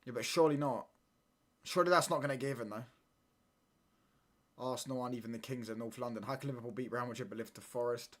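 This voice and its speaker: Excitable slangy man streaming a football watchalong. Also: medium pitch, quick pace, long pauses. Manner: excitable, slangy banter, reacting live to play. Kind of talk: live football watchalong commentary.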